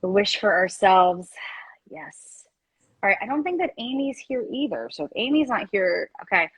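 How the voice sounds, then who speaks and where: A woman hosting a live-stream card reading, speaking in a gentle, rambling way with many fillers. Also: medium pitch, big pitch swings, moderate pace, slightly rough, dry recording, rough recording. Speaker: card reader and reiki host.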